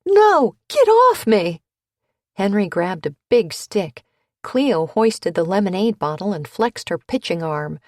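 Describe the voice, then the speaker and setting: A woman reading a cozy mystery audiobook, with even, unhurried narration that lifts into character voices for the dialogue. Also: lowish voice, no room sound, studio quality. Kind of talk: scripted narration.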